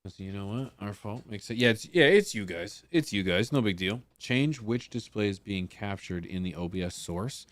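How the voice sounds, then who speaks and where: Man, streamer, low smooth voice, dry close mic, chatty and laughing. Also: lively intonation, normal speed, few pauses, dry recording. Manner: laughing, muttering to himself while fixing tech. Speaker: livestream host. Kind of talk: casual livestream chat.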